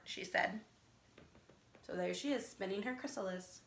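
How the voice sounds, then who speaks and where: A woman teacher reading a children's picture book aloud, animated and asking her listeners questions. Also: medium pitch, a little slow, gravelly, a little hiss or hum. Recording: echoey room.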